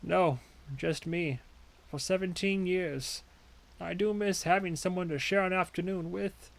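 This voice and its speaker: A man voicing a frail, forgetful old male widower, speaking slowly and haltingly. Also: high-pitched, steady tone, creaky. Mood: wistful. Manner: slow, halting and wistful.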